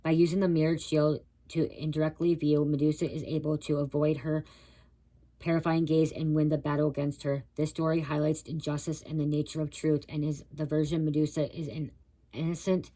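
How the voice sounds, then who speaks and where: A woman reads tarot cards live for her viewers, fumbling the guidebook text and breaking off to chat with them. Her low voice is warm and brisk with little pitch movement, and the recording is rough.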